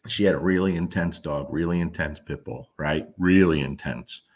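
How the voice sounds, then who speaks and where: A man's voice: extremely low pitch, normal speed. A man, a dog trainer, talking casually to camera, emphatic and blunt, often asking the listener whether they understand. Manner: emphatic, keeps checking in with the listener.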